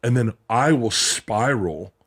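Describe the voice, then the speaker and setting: Husky podcast host guy, animated storyteller, swears a lot, does little voices for quotes. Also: mid-range voice, slow pace. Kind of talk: casual podcast chat.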